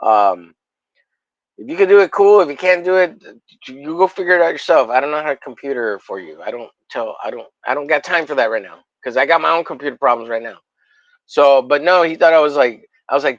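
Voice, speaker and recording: A man's voice: on the high side, animated, fairly quick, a bit bright, no room sound, muffled recording. A man hosting a livestream in casual chat, rambling and swearing, with mock-angry jokes. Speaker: livestream host.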